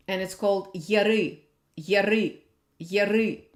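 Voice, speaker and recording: Woman teacher, repeats each sound patiently, very slow, roomy echo. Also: mid-range voice, expressive. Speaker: language teacher. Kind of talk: slow alphabet lesson. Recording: echoey room.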